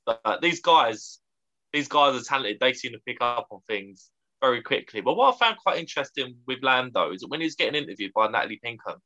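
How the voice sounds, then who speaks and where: A man's voice: medium pitch, fast, lo-fi sound. A man co-hosting a podcast, chatting casually and enthusiastically. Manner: enthusiastic, excitable. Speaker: podcast co-host.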